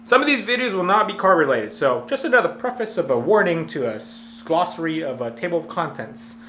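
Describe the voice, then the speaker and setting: A man hosting comedic commentary on fail videos from a warehouse, talking in an energetic, jokey, self-mocking way. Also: a little high, fairly quick. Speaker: host of a fail commentary channel. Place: warehouse full of clothes. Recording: echoey warehouse with a faint hum.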